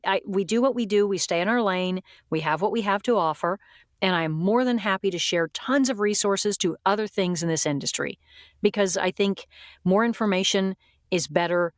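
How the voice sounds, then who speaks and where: A woman's voice: mid-range voice, no echo, clean studio sound. A woman who coaches voice actors, talking candidly and plainly in a casual podcast interview. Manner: candid, straightforward, chatty.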